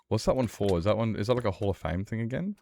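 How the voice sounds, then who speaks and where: A man's voice: fairly low pitch, animated, quick pace, mellow, slight background noise. A man streaming a survival game, chatting with viewers in a worked-up, playful rant. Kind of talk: casual live-stream chat.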